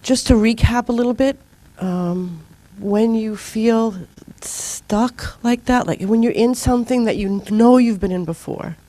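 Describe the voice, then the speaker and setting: Earnest middle-aged woman giving a spiritual talk. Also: mid-range voice. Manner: earnest, animated storytelling with acted-out outbursts. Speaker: spiritual teacher leading a group. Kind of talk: informal spiritual talk to a group.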